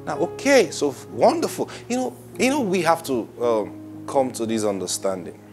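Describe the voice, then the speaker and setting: A man preaching a Bible study sermon, animated, acting out quoted voices and laughing often. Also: mid-range voice, normal speed, faint music behind.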